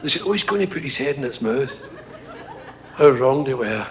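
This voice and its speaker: A Scottish man with a Glaswegian accent, a comedian telling stories on stage and talking about his material in an animated way. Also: normal speed, some chatter behind. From Scotland. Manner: animated, jumps into shrieking high voices for characters. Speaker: stand-up comedian. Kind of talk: stand-up storytelling. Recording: faint hiss, 1970s TV recording.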